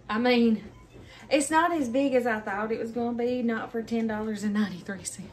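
Bubbly woman, high voice. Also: a little slow, darkish tone, a little hiss or hum. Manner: bubbly, gushing, talks straight to viewers as "y'all". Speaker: vlogger. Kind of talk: casual haul vlog. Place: at home, indoors.

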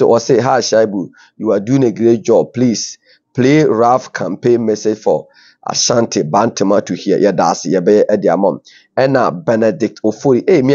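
A man's voice: lowish voice, a little mellow. A man with a Ghanaian accent hosts an online news show, reading out viewer comments and mixing Twi with English in an informal, chatty way. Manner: switches between Twi and English, informal asides. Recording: dull lo-fi audio.

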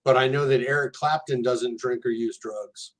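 An earnest man speaks plainly and candidly as a guest, with a mid-pitched voice and a steady, direct delivery. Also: moderate pace. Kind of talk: casual conversation.

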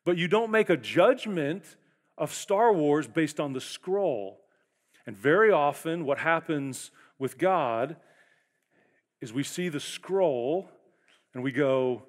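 A man in his forties preaching a sermon as a pastor, telling stories in an animated way with quick bursts and acted-out quotes. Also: on the high side. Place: large church auditorium. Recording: long church hall reverb.

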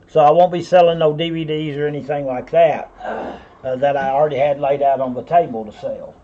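A man's voice: on the high side, steady tone, a little fast, warm tone, highs cut off. A man with a Southern US accent running a live online auction, rambling in a folksy way and calling viewers by name. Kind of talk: live-stream auction patter.

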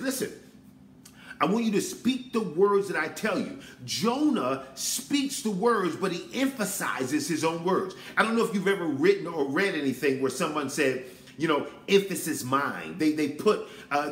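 Emphatic male preacher, lively pitch. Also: echoey room. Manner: emphatic, preachy, repeats "listen". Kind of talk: sermon.

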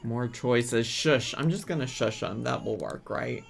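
A man's voice: mid-range voice, unhurried, vocal fry, slight background noise. A man hosting a casual let's-play from his apartment, chatting playfully and bossing his game characters around. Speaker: gaming channel host. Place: home apartment.

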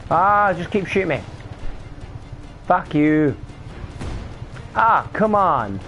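Lively swearing young man gaming. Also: high voice, takes it slowly, muffled recording, faint music behind. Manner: frustrated swearing outbursts. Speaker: gaming streamer. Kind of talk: live gameplay commentary.

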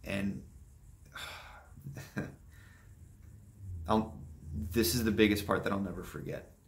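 A young man vlogging, softly telling a painful personal story with halting pauses and restarts. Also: lowish voice, steady tone, creaky, a little hiss or hum. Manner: soft-spoken, halting and emotional.

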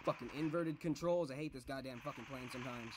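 A man swearing and raging at a game while he plays it, with loud yelled outbursts. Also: medium pitch, fast talker, noisy background. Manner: yells and shouts in outbursts. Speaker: gamer streamer. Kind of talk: live gameplay commentary.

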